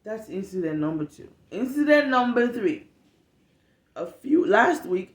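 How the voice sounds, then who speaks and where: A woman telling stories in casual talk, animated and profane, acting out the people in them. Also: lowish voice, roomy sound. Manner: animated, profane, acts out the people in her story. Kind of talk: casual storytelling.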